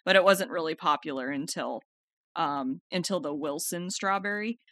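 A woman's voice: sits low, moderate pace, fairly bright tone, dry recording, clean studio sound. A woman co-hosting a casual chat, upbeat and full of fillers. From California. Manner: chatty, filler-heavy, upbeat, laughs often. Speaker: podcast co-host.

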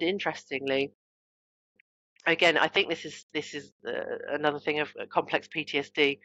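Forceful low-voiced woman telling stories. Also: no room sound, muffled recording. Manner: animated, self-mocking, frequent restarts. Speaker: guest, author and trauma coach. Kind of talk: podcast interview, personal storytelling.

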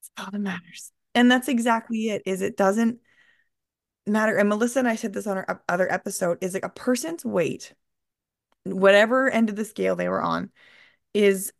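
Woman podcast host, very gravelly voice, earnest and reflective, dry close sound. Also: medium pitch, moderate pace, no room sound. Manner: earnest, reflective, retelling stories. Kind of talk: casual chat.

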